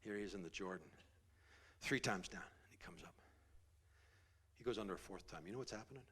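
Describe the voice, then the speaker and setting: A man preaching, telling a Bible story in a loose, animated way, sometimes dropping to a whisper for drama. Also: on the low side, fast talker. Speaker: pastor. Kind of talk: sermon storytelling.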